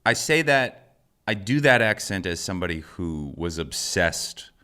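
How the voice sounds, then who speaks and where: A man co-hosting a podcast in casual comedic chat, deadpan and teasing, reading listener emails aloud. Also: deep voice, unhurried. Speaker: podcast co-host.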